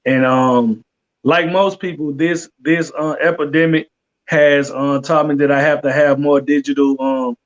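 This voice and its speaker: A man's voice: fairly high pitch, fairly even intonation, measured pace. Man, comedian guest, hesitant, muffled remote audio. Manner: hesitant, lots of ums. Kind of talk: casual interview answers.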